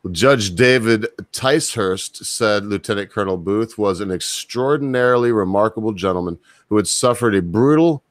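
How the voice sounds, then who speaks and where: A low-pitched man reads news items aloud and breaks off for wry, chuckling remarks. His voice sits lower than most men's, and it sounds dry and close, with no room echo. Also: normal speed, hardly any pauses. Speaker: host. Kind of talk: casual commentary, reading news aloud.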